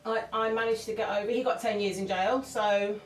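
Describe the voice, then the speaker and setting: A woman's voice: medium pitch, fairly even intonation, fairly quick, far from the mic. A woman, a singer, speaking candidly and emotionally as an interview guest, rambling with restarts. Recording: roomy sound from off-mic with faint music.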